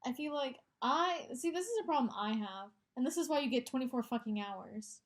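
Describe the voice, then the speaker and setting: A woman's voice: high-pitched, animated, brisk. A woman co-hosting a casual podcast chat, blunt and swearing as she gives her take. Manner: supportive interjections, blunt swearing. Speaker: podcast co-host.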